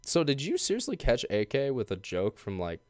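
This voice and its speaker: A man's voice: mid-range voice, wildly swooping pitch, moderate pace. A man hosting a casual podcast, chatty and laid-back, laughing often and filling gaps with ums, reading a sponsor spot in the same easy tone. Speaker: podcast host.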